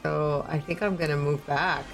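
A tabletop player talks through moves and attacks hesitantly, asking rule questions as they go. The voice has a gravelly edge at a middle pitch, with faint music behind. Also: steady tone, normal speed. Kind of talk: casual tabletop play.

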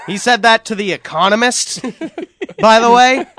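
A man's voice: extremely high pitch, measured pace, fairly bright tone, no echo. A man co-hosting a casual sports talk radio show, joking and putting on mock voices for comic bits.

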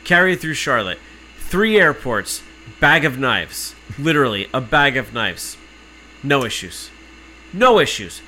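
A man's voice: medium pitch, sing-song, measured pace, sharp tone, slight background noise. A man telling an angry, sarcastic story in casual chat, swearing freely. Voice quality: profane, sarcastic. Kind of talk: casual chat, ranting anecdote.

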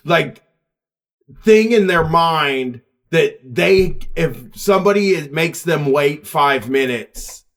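A man's voice: a little high, animated, slow, fairly bright tone. A man chatting casually with friends, rambling, swearing freely and laughing while he talks. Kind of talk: casual chat.

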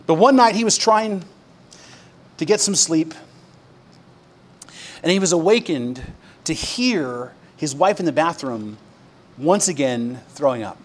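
A man delivering a sermon in a slightly raised pitch. He talks conversationally with plenty of fillers. He drops his voice low for the quiet parts and pushes it up for emphatic peaks. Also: lively intonation, measured pace, long pauses. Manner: conversational preaching with fillers, swinging from hushed to emphatic. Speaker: pastor.

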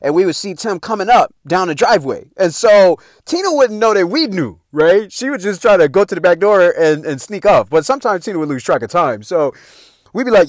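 Guy storytelling on a podcast, high lively voice, dry close mic. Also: brisk, no echo. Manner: animated, profane, laughs often. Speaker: podcast host. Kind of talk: casual storytelling.

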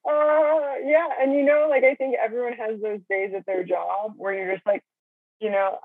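A woman's voice: on the high side, steady tone, normal speed, breathy edge, no echo. A middle-aged woman chatting casually as a caller, swearing and rambling with lots of fillers. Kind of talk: casual chat. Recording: phone line.

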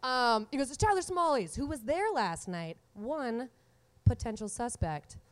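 A woman in her twenties telling a comic story from her own life, animated and often laughing through the punchlines. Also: a little high, a little slow. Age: 20s. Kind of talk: live comedic storytelling.

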